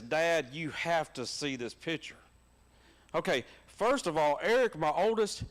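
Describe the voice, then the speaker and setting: Folksy Southern pastor, higher voice. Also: male voice. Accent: Southern American. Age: middle-aged. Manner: folksy and animated, laughing at his own stories. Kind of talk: sermon with personal stories. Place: church.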